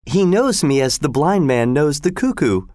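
A poised noble lady, as a male reader puts her on, speaks in a raised, lilting voice. She is measured and dignified, with a lively rise and fall, read for a storybook. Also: a little high, dry recording, studio quality, pitched above the performer's own voice.

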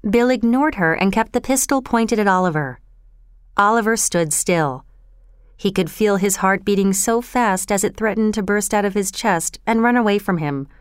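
A woman narrating a storybook in an even, clear reading manner. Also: mid-range voice, normal speed, no echo, studio quality.

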